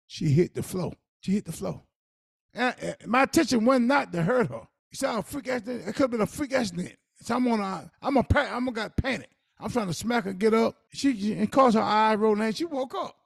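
Man, podcast co-host, gravelly husky voice, preachy casual advice, dry close sound. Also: high-pitched, expressive, brisk, no room sound. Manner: earnest, preachy advice with Southern Black vernacular.

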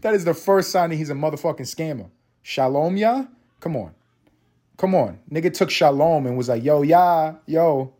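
A man's voice: a little high, lively intonation, brisk, darkish tone, husky. A young man, hosting a solo podcast, ranting profanely and sarcastically while reading news aloud and riffing on it. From Harlem, New York. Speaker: podcast host.

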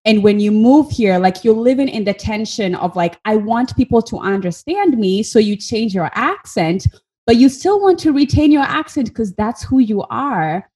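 A woman's voice: on the high side, lively intonation, moderate pace, warm tone, breathy edge. Earnest Kenyan woman host. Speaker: podcast host. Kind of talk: casual conversation.

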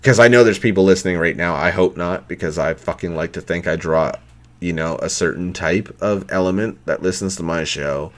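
A man's voice: low voice, fairly quick, fairly bright tone. A middle-aged man hosting a podcast, ranting angrily with constant swearing and mocking voices. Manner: angry, heavy swearing, mocking quotes. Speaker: podcast host. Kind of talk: profane rant.

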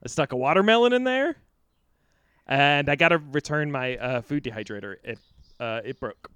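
A man playing a goofy thirty-something sidekick on a comedy talk show, rambling excitedly through a story. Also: fairly high pitch, moderate pace, clear, resonant tone, dry recording. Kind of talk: scripted comedy podcast.

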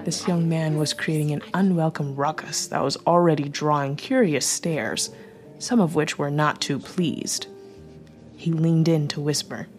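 A woman narrating an audiobook chapter in a measured storytelling manner. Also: deep voice, a little mellow. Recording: faint music bed.

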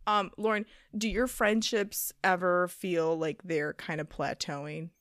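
A young woman co-hosting a casual chat podcast, chatty and teasing, quick to react to her friend. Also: fairly low pitch, steady tone, fairly bright tone, dry recording, studio quality. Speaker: podcast co-host.

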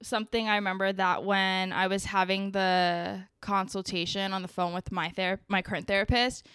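A woman chatting casually on a podcast, telling stories in an animated way with lots of fillers. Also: medium pitch, moderate pace, smooth, dry recording, studio quality. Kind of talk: casual chat.

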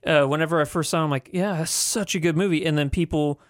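A man's voice: on the high side, steady tone, quick pace, no room sound, clean studio sound. A young adult man co-hosting a casual movie podcast, easygoing and playful. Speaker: podcast co-host.

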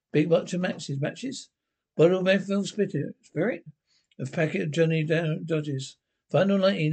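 A man's voice: fairly high pitch, gravelly, a little mellow. An actor playing a grumbling older pensioner in a TV sitcom, blunt and sweary in banter with his pals. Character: grumbling older Glasgow pensioner, nosy and sharp. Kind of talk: TV sitcom acting.

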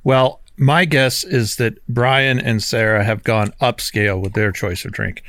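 A man's voice: mid-range voice, steady tone, a little slow, a bit bright, no echo. An easygoing man with a mid-range voice chats on a podcast over drinks and jokes about himself. His voice sounds close and dry, with no room in it. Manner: easygoing and joking, self-deprecating. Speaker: military veteran podcast co-host.

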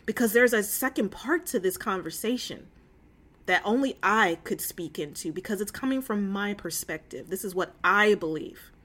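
She hosts a laid-back faith talk over the phone, her mid-range voice fairly bright and her speed normal. The tone is sincere and emotional, and she's talkative, with frequent fillers and asides.

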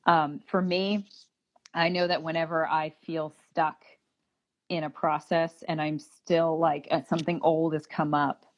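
A woman's voice: sits low, flat delivery, unhurried, highs cut off. A woman co-hosting a podcast in casual chat, reflective and affirming. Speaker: podcast co-host.

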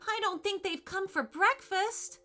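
A woman voicing a curious, quick-thinking young princess in a storybook reading, high and decisive. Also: bright, forceful tone, soft background music, heavily acted. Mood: urgent.

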